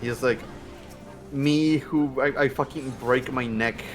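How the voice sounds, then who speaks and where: A man's voice: medium pitch, fairly even intonation, slow. A man from Mexico rambling and joking over voice chat during a game stream, swearing casually as he talks. Faint game music runs underneath. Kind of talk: live stream banter.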